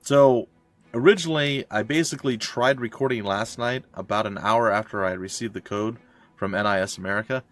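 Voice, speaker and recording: A man's voice: on the low side, fairly quick, a bit bright, faint music behind. A man hosting a let's play, chatting casually over gameplay with rambling, joking asides.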